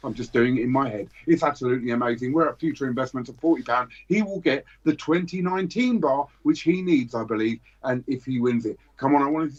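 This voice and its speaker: A British man hosting a charity livestream, running a joking fast-patter auction of a silver bar. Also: medium pitch. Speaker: livestream host. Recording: dull lo-fi stream audio.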